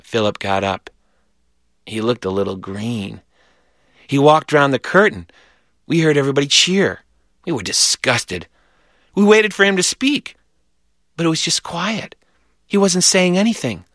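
A man reading a children's story aloud in a lively, animated way. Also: a little high, unhurried, long pauses, no echo, studio quality.

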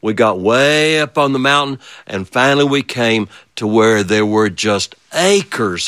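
A man spins a childhood tale with lively, repeating phrases and playful questions to his listeners. His voice sits at an ordinary middle pitch. The recording is dry and close, with no room sound. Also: a little slow, few pauses, no echo. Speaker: storyteller. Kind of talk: oral storytelling of a childhood memory.

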